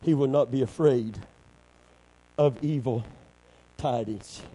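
A man's voice: mid-range voice, slow pace, mellow, low-quality recording. A man preaching a sermon, fervent and full of call-and-response to his congregation.

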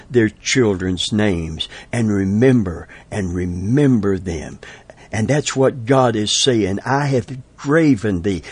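A man's voice: on the low side, husky. A man preaching a sermon in an emphatic style, repeating phrases and building to strong emphasis. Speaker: pastor.

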